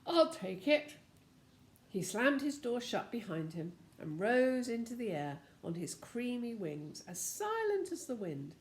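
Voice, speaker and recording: Older woman storyteller reading a children's book, animated pitch. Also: measured pace, hardly any pauses, roomy sound. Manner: lively, addresses the listener.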